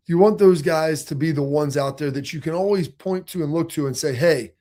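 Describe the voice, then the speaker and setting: A man in his forties hosting a sports talk show with an emphatic, energetic delivery. His voice sits a little high for a man, and he keeps a loose, conversational flow. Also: a little fast. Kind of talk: casual sports talk commentary.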